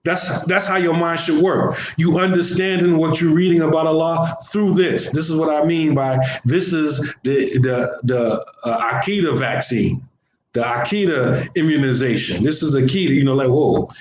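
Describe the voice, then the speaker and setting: Speaking at a moderate pace with a voice on the high side, a male Islamic teacher leads a casual religious lesson. He uses slang and repeats himself a lot, while faint hiss and roomy echo sit under the recording.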